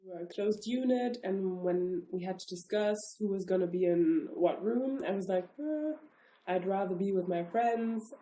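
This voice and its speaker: A woman's voice: medium pitch, moderate pace, few pauses, warm tone. A young woman recalling school days in a casual interview, chatty and full of "like". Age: young adult. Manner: chatty, filler-heavy with lots of "like". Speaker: former classmate.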